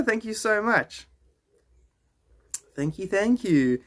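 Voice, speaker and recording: A man's voice: high-pitched, animated, slow, pauses often, fairly bright tone. A man talking casually on a live stream, rambling from one thought to the next. He answers and thanks his viewers as he goes. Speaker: livestreamer.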